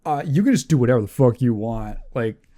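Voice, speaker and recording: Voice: mid-range voice, expressive, fairly quick, mellow. Podcast co-host, rambling movie chat, self-correcting, laughs often. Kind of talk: casual movie review chat.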